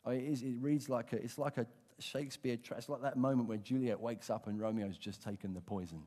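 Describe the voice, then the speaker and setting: A middle-aged British man preaching a sermon in a church, dramatic and expressive, moving from hushed asides to emphatic points. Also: medium pitch, fairly quick. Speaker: pastor. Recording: long reverb of a church hall.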